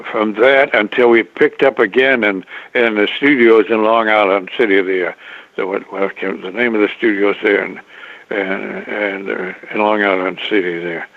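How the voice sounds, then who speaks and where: An older interview guest, his voice on the low side, meanders through a lengthy story, stopping and restarting frequently with an occasional chuckle. The sound is a dry, tinny phone line without echo.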